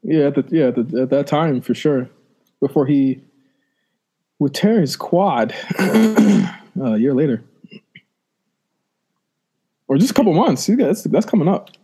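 Wisecracking man with a lively, mellow voice. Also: fairly high pitch, measured pace, long pauses, slightly rough. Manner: wisecracking, laughs often. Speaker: podcast co-host. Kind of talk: casual live-watch chat.

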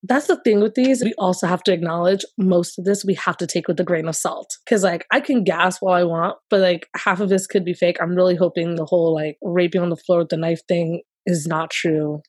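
A woman co-hosting a casual gossip podcast, talking in an animated, excitable way. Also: on the low side, brisk, hardly any pauses, breathy edge, no room sound, clean studio sound. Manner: animated, gasping and laughing while reading messages aloud. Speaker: podcast co-host.

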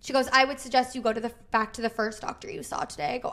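A woman's voice: a little high, flat delivery, very fast, pushed and bright. A woman in her thirties, co-hosting a podcast, telling a story in casual chat, acting out the people she quotes and swearing freely. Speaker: podcast co-host.

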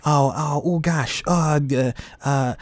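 A man's voice: a little high, slow pace, no echo, pitched above the performer's own voice. A man doing Billy, a flustered contestant. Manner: stammering, panicky guessing. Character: flustered young male game-show contestant.

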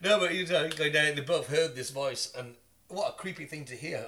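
A man hosting a podcast, telling stories in casual chat, animated and laughing often, with plenty of swearing. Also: fairly high pitch, normal speed. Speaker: podcast host.

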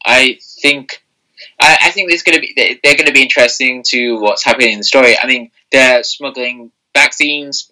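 A man's voice: medium pitch, pushed and bright, poor audio. A man co-hosting a podcast in casual chat, rambling with many fillers and restarts. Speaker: podcast co-host.

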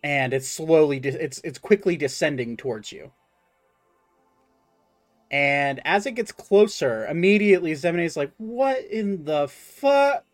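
Halting male game master, slightly high voice. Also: soft background music. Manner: halting, full of ums and restarts. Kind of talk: narrating a tabletop game.

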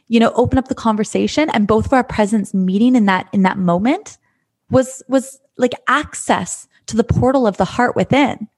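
A woman's earnest, gentle voice, speaking as a life coach in a reflective monologue. She circles back on her own phrases, repeating words as she thinks aloud. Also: a little high.

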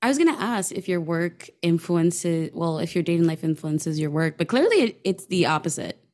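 A woman's voice: fairly low pitch, animated, moderate pace, darkish tone. A woman podcast host asking her guest questions in a light, curious, casual way. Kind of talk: casual interview chat.

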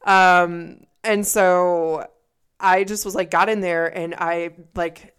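A woman with a smooth, somewhat low voice co-hosts a casual podcast. She tells stories in an animated way, playing out what people said. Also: slow pace. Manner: animated storytelling, acts out quotes, swears freely. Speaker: podcast co-host. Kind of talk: casual chat.

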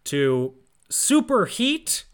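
A man's voice: sits high, sing-song, extremely slow, clean tone. A man co-hosting a podcast, retelling a film plot casually with sarcastic jokes. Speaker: podcast co-host. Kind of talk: casual movie recap chat.

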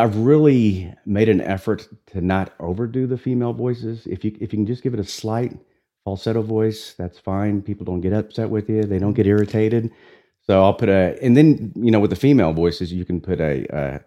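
Man with a deep raspy voice, really low and mellow, talks easy and loose. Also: fairly quick. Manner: relaxed, talkative, with restarts. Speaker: audiobook narrator. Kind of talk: conversational interview.

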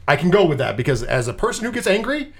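A man's voice: on the high side, quick pace. A man casually reviewing a film on a podcast, ranting with a lot of swearing and acting out characters' lines in mocking voices. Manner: animated, profane ranting with mocking quoted voices.

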